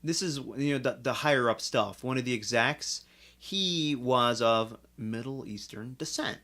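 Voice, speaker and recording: A man's voice: mid-range voice, measured pace, pushed and bright. A man co-hosting a comedy podcast, chatting casually in a crude, profane, dismissive way. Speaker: podcast co-host.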